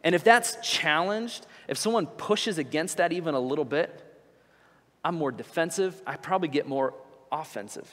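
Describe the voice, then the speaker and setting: A young man preaching a sermon in a church, conversational and animated as he tells stories. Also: fairly high pitch, normal speed, long reverb tail. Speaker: pastor. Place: church sanctuary.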